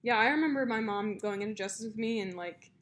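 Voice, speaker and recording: A woman's voice: medium pitch, fast, slight background noise. Chatty young woman telling stories. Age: young adult. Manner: chatty storyteller, many fillers and likes. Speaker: podcast co-host. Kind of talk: casual chat.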